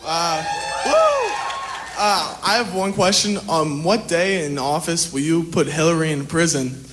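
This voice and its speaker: A man's voice: on the high side, steady tone, a little slow. A young man from Kentucky asking a question playfully, with giggles. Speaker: audience member. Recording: distant mic with loud noise.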